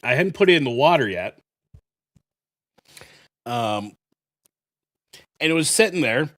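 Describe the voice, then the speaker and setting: A man's voice: mid-range voice, animated, unhurried, fairly bright tone. A man hosting a gaming channel, telling a rambling, profane story full of fillers. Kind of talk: casual storytelling while playing.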